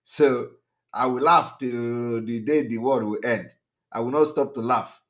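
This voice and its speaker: A man's voice: medium pitch, measured pace, a bit bright. Man hosting a call-in show. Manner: laughs often, talks with many fillers. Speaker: host. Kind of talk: casual live call-in show.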